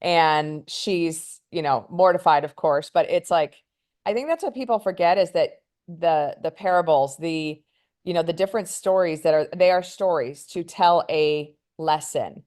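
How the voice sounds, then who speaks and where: Woman podcast co-host, deep voice, casual and rambling. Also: measured pace, a little mellow. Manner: chatty, goes on tangents; camera shy. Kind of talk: casual chat.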